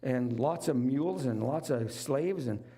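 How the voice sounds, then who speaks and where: A man's voice: medium pitch, lively intonation, measured pace, dark tone. A middle-aged man preaching a sermon, retelling a Bible story in a conversational, folksy way with casual asides. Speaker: lay preacher.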